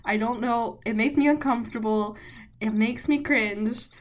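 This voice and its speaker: A woman's voice: a little high, moderate pace. A woman hosting a podcast over a call, sarcastic and exasperated in casual chat. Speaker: podcast host.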